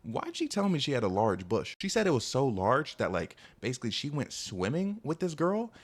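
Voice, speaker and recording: A young man in his twenties telling a casual, rambling story about his dating past, animated and full of asides. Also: mid-range voice, a little fast. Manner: animated, rambling, heavy use of "like". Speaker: storytime vlogger.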